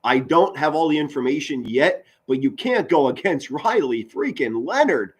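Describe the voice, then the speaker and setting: A man doing live football play-by-play for his viewers, excitable, his voice jumping up on big plays and his words stumbling over each other. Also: fairly high pitch, moderate pace, breathy edge. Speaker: amateur play-by-play commentator. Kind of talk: live play-by-play commentary with chat.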